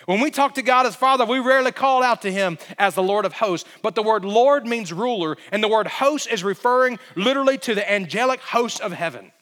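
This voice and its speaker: Male pastor, high-pitched voice, dramatic sermon storytelling with emphatic peaks, in a reverberant sanctuary. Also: a little fast, hardly any pauses, a bit bright. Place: church sanctuary.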